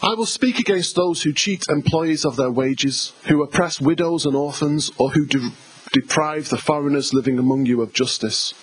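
A man's voice: on the high side, normal speed, breathy edge, low-quality recording. An English man preaching a sermon as pastor, emphatic and conversational, repeating himself and speaking to the congregation. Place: church hall.

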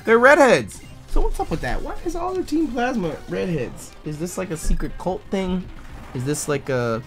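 Young dude narrating his game, swears a lot, yells out, bouncy highish voice. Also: normal speed. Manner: excitable, profane, bursts into loud yells. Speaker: let's play streamer. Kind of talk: casual gameplay commentary. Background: faint game music.

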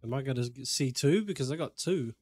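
A man's voice: medium pitch, lively intonation, fairly quick, darkish tone, no room sound. A man casually commentating his game playthrough, slangy and jokey, swearing freely.

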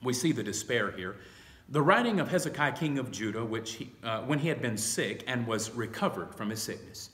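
Male pastor at mid pitch, preaching with slow weight, recorded from off in an echoing sanctuary. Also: animated, a bit bright. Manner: slow, emphatic preaching, reading scripture aloud. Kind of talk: Bible study sermon. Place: church sanctuary.

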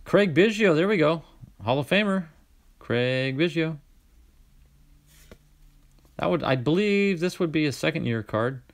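Host voice: chatty man, a bit high, reads card names aloud, gets excited at big pulls. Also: a little fast, gravelly. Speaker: card-collecting channel host. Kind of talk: casual card-opening commentary.

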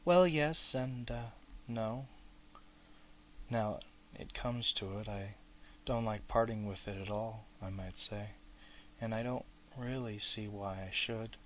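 A man reading an audiobook aloud, voicing a fussy, possessive elderly male hobbit in a higher, excitable voice that turns sharp and whispery. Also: takes it slowly, a little hiss or hum. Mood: reluctant.

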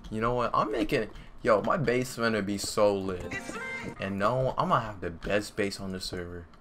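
A young man giving casual, excitable gameplay commentary at home, full of slang, talking to himself and his viewers. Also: fairly low pitch, moderate pace, soft background music. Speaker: gaming YouTuber. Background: computer fan noise and keyboard clicks.

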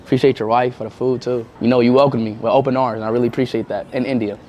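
A young man chatting excitedly in a casual vlog, reacting loudly. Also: medium pitch, reverberant. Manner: loud, excitable, drawn-out reactions. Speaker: streamer. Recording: crowd noise behind.

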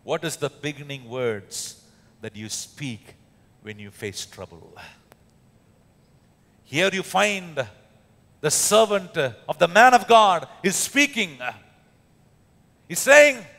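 A man's voice: a little high, expressive, slow pace, vocal fry, long pauses, sharp tone. A man with an Indian accent preaching a sermon as pastor, emphatic, with many fillers and rhetorical questions. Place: church hall. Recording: echoey church hall.

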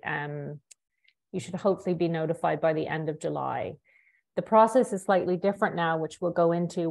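A woman with a low voice talks through a funding workshop on a webinar. Her explanations are conversational and loosely phrased, heard through a computer mic on a video call. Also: darkish tone. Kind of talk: webinar presentation.

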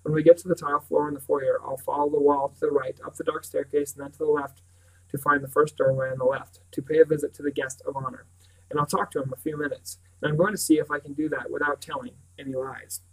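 Male audiobook narrator, steady and reflective, fairly high, distant mic. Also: fast. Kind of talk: scripted narration.

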